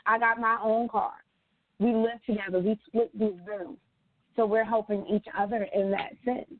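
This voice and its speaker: A woman co-hosting a casual talk show, blunt and animated and swearing freely. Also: medium pitch, moderate pace, dry recording. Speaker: co-host. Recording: dry tinny phone-like sound.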